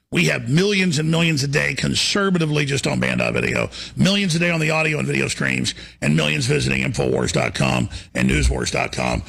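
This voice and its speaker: A man hosting a talk radio show, ranting in a heated, forceful monologue. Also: a little high, gravelly.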